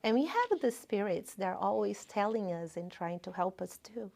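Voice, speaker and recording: A woman in her fifties giving an informal spiritual talk at a spiritist center, with personal stories and gentle humor. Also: medium pitch, animated, normal speed, gravelly. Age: 50s. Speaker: spiritist lecturer. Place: lecture room at a spiritist center.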